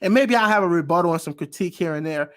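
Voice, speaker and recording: An animated man hosts a reaction video in a relaxed commentary style, with a speaking voice that sits a little high. He leans into his points, repeating words for emphasis and reaching for a preacher's call and response. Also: very fast. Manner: emphatic, repeats phrases for stress. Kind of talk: casual commentary.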